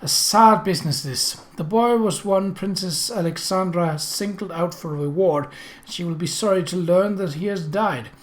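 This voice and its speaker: A man voicing a portly, jovial middle-aged prince with a deep, guttural German accent. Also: moderate pace, natural voice. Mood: stern.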